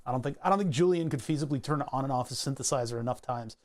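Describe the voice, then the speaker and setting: A man's voice: medium pitch, racing, darkish tone. A man casually walking through his microcontroller code, rambling and self-correcting, laughing at himself now and then. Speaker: hobbyist electronics maker.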